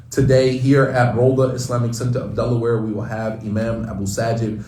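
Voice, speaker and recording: A man speaks as an imam in a casual, emphatic morning reminder, circling back on his own phrases. His mid-pitched voice sits back from the mic in a roomy space. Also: steady tone, brisk, mellow. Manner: conversational, emphatic, repeats phrases. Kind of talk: casual religious talk. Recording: roomy sound, mic at a distance.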